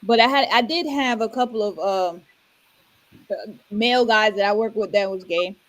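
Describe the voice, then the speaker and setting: A woman talks in relaxed podcast chat at a middle pitch. She tells her story loosely, with plenty of fillers and asides. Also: moderate pace, poor audio. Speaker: podcast co-host. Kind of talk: casual chat.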